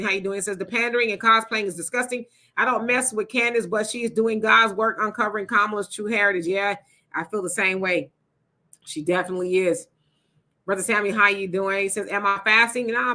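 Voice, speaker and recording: A woman's voice: mid-range voice, pushed and bright. A woman hosting a live stream, reading viewer comments aloud and answering them in a chatty, casual way. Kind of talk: casual livestream chat.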